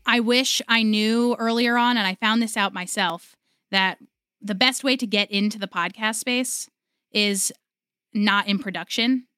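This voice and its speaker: An American woman speaks as a podcast guest, chatty and enthusiastic. Her voice is bright and crisp, recorded dry and close. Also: mid-range voice, no echo. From United States. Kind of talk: podcast interview.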